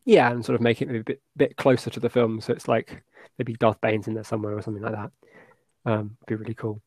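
A man's voice: lowish voice, level tone, quick pace, darkish tone, no room sound. A man co-hosting a casual podcast, rambling through his thoughts with lots of restarts and fillers. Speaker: podcast co-host.

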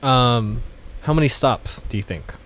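A man's voice: medium pitch, measured pace, a bit bright. A man co-hosting a casual podcast chat, joking around and laughing, often slipping into exaggerated voices. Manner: joking, laughing, swings into exaggerated put-on lines. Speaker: podcast co-host.

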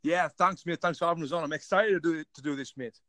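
A man with an English accent, a boxing coach talking casually as a guest on a podcast, friendly and quick to laugh. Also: fairly high pitch, bright, forceful tone, no echo. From England. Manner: friendly, laughs easily, says mate. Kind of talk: casual interview chat.

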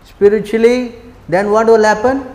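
A man's voice: high voice, level tone, moderate pace. A man giving a spiritual class as a sermon, emphatic, constantly quizzing his listeners with rhetorical questions, in a temple hall. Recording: echoey hall with long reverb.

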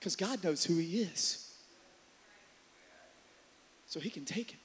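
A man preaching a sermon as pastor, swinging from loud, driven passages to hushed ones. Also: high voice, animated, slow pace. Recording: long hall reverb.

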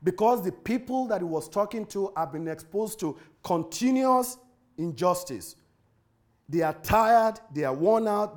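A man with a notably high voice delivers a sermon. He preaches emphatically, repeating key words for weight and spelling terms out one letter at a time. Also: darkish tone.

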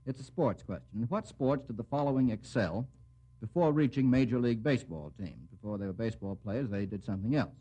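In a muffled 1940s radio broadcast, a man hosts a quiz show, genially quizzing the panelists by name and adding wry remarks. His medium-pitched voice is expressive, fairly quick, mellow, and husky.

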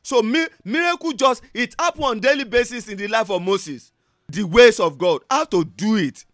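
Male preacher, high voice, dry close sound, fervent chanted prayers, shouts and hushes. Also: lively intonation, moderate pace, no echo. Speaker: pastor. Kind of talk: sermon with call-and-response prayer.

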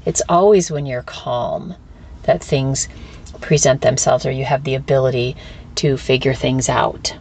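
A woman hosting a spiritual self-help podcast, talking candidly and casually, swearing freely and slipping into high squeaky voices when she quotes people. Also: steady tone, unhurried, creaky, a little mellow, a little hiss or hum. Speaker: podcast host. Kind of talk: reflective spiritual talk.

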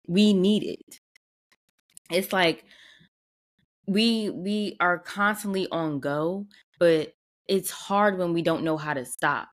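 Woman, podcast host, slightly low pitch, casual motivational talk, repeats phrases, laughs often. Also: fairly bright tone.

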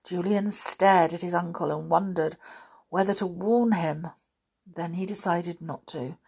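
A woman reading a children's storybook aloud in an expressive, lively narrating way. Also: on the low side, measured pace, vocal fry, breathy edge.

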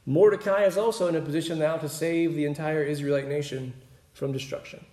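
A man's voice: on the high side, fairly even intonation, brisk, a little mellow, roomy sound. A man preaching a sermon in a conversational way, often checking in with his listeners. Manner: conversational, keeps asking "right?".

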